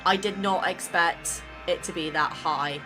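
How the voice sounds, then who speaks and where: A woman casually chatting as a YouTube creator, excitable and full of exclamations as she goes over her channel. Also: fairly low pitch, measured pace, music in the background. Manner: excitable, exclaiming, laughs between remarks. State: emotional, near tears. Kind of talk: casual vlog chat reviewing channel stats.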